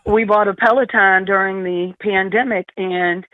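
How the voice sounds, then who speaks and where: A woman's voice: mid-range voice, fairly even intonation, normal speed, dry recording. A woman guest in a podcast interview, heartfelt, grateful and emotional, over a dull lo-fi remote line. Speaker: interview guest, kidney donor.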